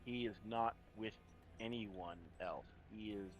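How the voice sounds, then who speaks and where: A man's voice: fairly low pitch, slow pace, faint music behind, poor audio. A man running a tabletop horror game as game master, often stalling on fillers and restarting sentences. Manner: hesitant, many fillers and restarts.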